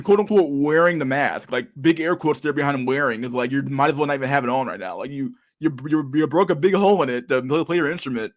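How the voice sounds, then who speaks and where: A man's voice: mid-range voice, fast talker, few pauses. A man hosting a podcast in a casual, rambling rant, swearing constantly and laughing often. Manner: profane, rambling, says dude a lot, laughs often. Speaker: podcast host. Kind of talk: casual ranting chat.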